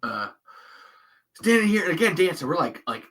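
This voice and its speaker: A man's voice: on the high side, normal speed. A man hosting a podcast, telling a story in casual chat, swearing freely, laughing mid-sentence and acting out what people said. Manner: animated, profane, acts out quotes in raised voices. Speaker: podcast host.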